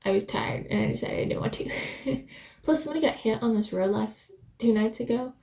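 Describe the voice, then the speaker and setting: A young American woman chatting casually to her vlog viewers from a rented flat, rambling and laughing often. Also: fairly high pitch, a little fast, vocal fry. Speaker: vlogger. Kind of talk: casual vlog chat to camera.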